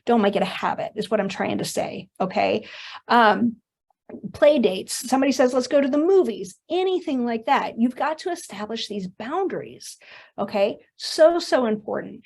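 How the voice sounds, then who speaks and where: A fairly high-voiced middle-aged woman leads a webinar and talks straight to her audience. She tells her stories with animation and drops in casual asides as she goes. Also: moderate pace, vocal fry, slightly rough. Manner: animated storytelling with conversational asides. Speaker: workshop presenter. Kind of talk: webinar presentation.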